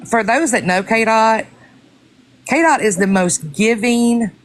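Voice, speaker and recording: A woman's voice: fairly high pitch, slow. A woman hosting a casual live stream chat, emphatic and talking straight to her listeners. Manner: emphatic, swears oaths, addresses listeners as y'all.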